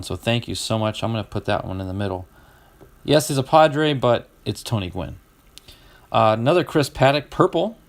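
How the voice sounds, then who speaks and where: A middle-aged man hosting a casual stream, opening card packs and chatting with viewers, getting excited over each card. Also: medium pitch. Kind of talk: casual live-stream chat.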